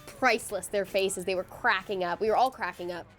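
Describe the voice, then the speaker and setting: A woman's voice: medium pitch, brisk, a bit bright, soft background music. A young woman, an actress, chatting in a bubbly, upbeat way in an interview. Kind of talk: casual interview.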